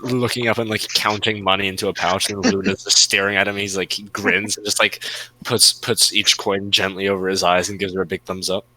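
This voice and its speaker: Fast-talking, deep-ish amused player. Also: male voice, level tone, pushed and bright, no room sound, poor audio. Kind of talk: casual podcast recap chat.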